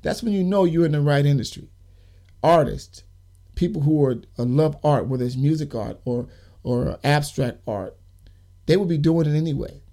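A man's voice: a little high, moderate pace, mellow. A man hosting a podcast, speaking earnestly about youth work in an emphatic monologue full of lists and repeated key words. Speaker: podcast host and youth worker.

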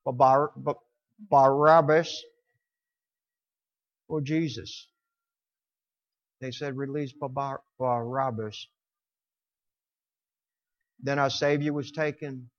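A man preaching a sermon with passion, swelling to loud emphatic peaks and dropping low, sometimes stumbling over words. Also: highs cut off.

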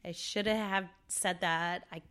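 A middle-aged woman appears as an interview guest and tells a personal story in a loose, conversational style, leaning on fillers and acting out what people said at the time. Her voice is lowish, steady, a little slow, a bit bright, and clean in tone.

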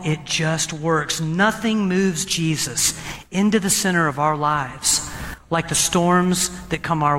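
A man preaching a sermon as pastor, animated, slowing down for emphasis. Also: high-pitched, slight background noise. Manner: animated preaching, slows for emphasis, acts out voices. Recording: long reverb of a hall.

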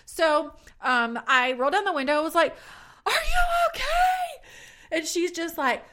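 A woman in her thirties telling a story in casual chat, animated and laughing often, acting out what people said. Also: sits high, moderate pace.

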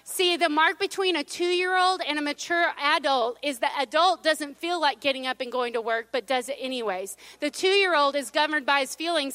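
A middle-aged woman delivers a sermon in a high, bright voice, recorded dry and close. She talks to the congregation in a chatty, humorous way and drops to a near-hush at times. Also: no room sound. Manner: conversational, humorous, drops to a hush for God's whisper. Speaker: pastor.

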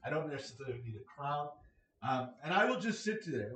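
A man's voice: on the high side, sing-song, a little fast, pushed and bright. A middle-aged American man hosting a casual solo podcast, rambling and joking with blunt opinions. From United States. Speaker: podcast host. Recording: echoey room, mic at a distance.

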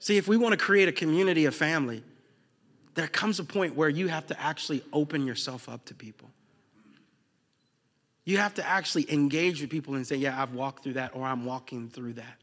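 A man preaching a sermon to his congregation, telling funny stories with shouted bursts, then dropping low and soft for serious points. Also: a little fast. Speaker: pastor.

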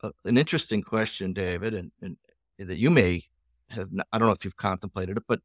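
A man co-hosting a podcast, speaking in a hesitant, halting way during a casual chat. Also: low voice, no echo, studio quality. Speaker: podcast co-host. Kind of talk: casual family-history chat.

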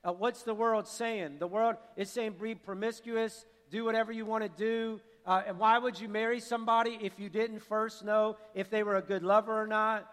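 A man preaching a sermon as pastor, earnest and repeating himself, building to forceful appeals. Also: high-pitched, fairly even intonation, normal speed, few pauses. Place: church sanctuary. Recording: long hall reverb.

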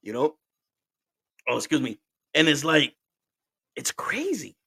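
A man's voice: a little high, sing-song, a little slow, gravelly, sharp tone, husky, no room sound, studio quality. A man from Mexico with a Mexican accent, telling stories in a casual chat, swearing freely, often laughing, and switching between English and Spanish. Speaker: podcast host.

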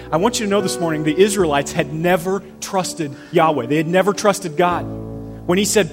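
A man's voice: fairly high pitch, a little fast. A man preaching a conversational sermon to his church, acting out the voices of the people he quotes. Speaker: pastor. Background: soft piano and guitar music.

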